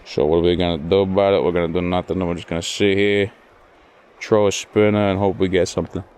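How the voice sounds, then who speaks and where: A man's voice: deep voice, steady tone, fast, a little mellow, clear, resonant tone. A man vlogging while fishing outdoors, muttering frustrated, profane commentary to himself. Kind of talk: casual solo commentary. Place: outdoors by cold water.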